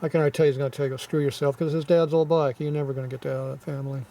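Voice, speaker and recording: A man with a scratchy, sore throat reading viewer comments in a casual, offhand way, clearing his throat often and muttering asides. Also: fairly high pitch, steady tone, racing, dark tone, far from the mic.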